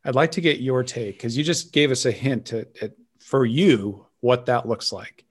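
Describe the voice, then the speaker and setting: A man hosts an interview podcast, recapping his guest's points for listeners in an affirming way. His voice has an ordinary pitch for a man. He sets up each follow-up question at length before asking it. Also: moderate pace. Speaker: podcast host. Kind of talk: interview host.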